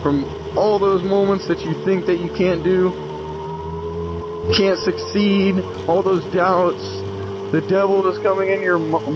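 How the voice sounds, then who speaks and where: A man's voice: high-pitched, dull audio, background noise. A man talking earnestly about his faith in a casual vlog, often restarting his phrases. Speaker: vlogger.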